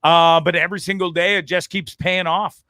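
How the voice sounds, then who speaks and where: A man's voice: sits high, fairly even intonation, moderate pace, sharp tone, no room sound. A man hosting a casual live stream from a bedroom in the back of a bus, rambling and joking, then turning sentimental. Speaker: host.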